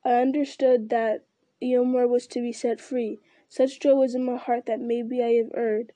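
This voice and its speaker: A woman's voice: on the high side, level tone, normal speed, dark tone, no echo, lightly acted. A woman voicing a nervous male servant in a storybook reading, sounding apologetic.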